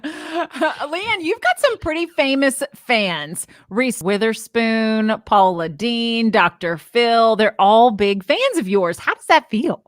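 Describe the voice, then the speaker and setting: Woman host, playful, laughs easily, a bit high, dry close mic. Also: sing-song, takes it slowly, dry recording. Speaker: podcast host. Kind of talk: casual chat.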